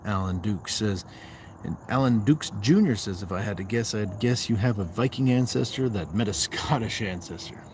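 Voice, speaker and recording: A man from the Southwest United States hosts a relaxed livestream, reading chat messages aloud and firing back quick, joking replies. His voice sits on the lower side. A faint outdoor hum of insects and passing traffic lingers behind him. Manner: playful, bantering, answers chat in quick asides. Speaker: livestream host. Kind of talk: casual livestream chat reading viewer comments. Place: outdoors on a walk.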